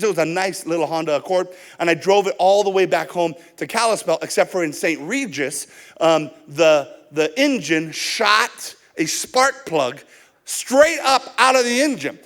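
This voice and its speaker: A male pastor with a high voice delivers a sermon. He tells personal stories and acts out both sides of the conversations as he preaches.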